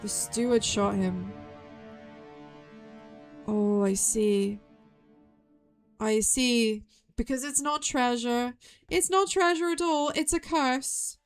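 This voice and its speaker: A young woman streaming a game, thinking aloud in an excitable way and repeating her own phrases as she puzzles things out. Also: a little high, takes it slowly, pauses often, soft background music. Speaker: VTuber streamer. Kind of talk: live game stream commentary.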